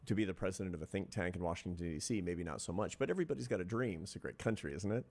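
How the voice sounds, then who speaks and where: A man's voice: deep voice, animated, very fast, a little mellow. A middle-aged man, an interview guest and social scientist, telling a reflective story in an earnest, step-by-step way.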